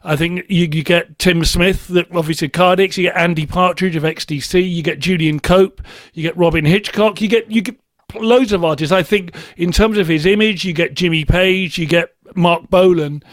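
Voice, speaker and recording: A man's voice: high voice, steady tone, normal speed, dry recording. A man, a musician being interviewed, talking thoughtfully and with enthusiasm about music, often restarting his sentences. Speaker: musician guest. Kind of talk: casual interview talk.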